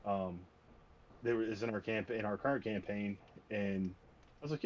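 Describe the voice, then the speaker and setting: A man's voice: on the low side, normal speed. A man who runs tabletop games, chatting casually and telling stories with frequent restarts and cursing for emphasis. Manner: storytelling, swears for emphasis, self-interrupting. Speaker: game master and host. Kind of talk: casual chat. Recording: slightly muffled lo-fi stream audio.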